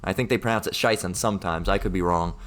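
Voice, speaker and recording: A man's voice: low voice, fast, a bit bright. A man preaching in a loose, rambling way. He is blunt and profane, keeps asking "all right?" and "okay?", and mocks opponents in raised put-on voices. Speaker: street-style preacher. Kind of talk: informal preaching rant.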